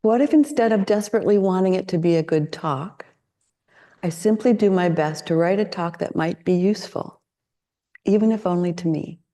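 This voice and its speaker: A woman teaching meditation in a dharma talk, her voice low-pitched and warm. She speaks in a reflective, candid way and often poses questions to her listeners. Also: moderate pace.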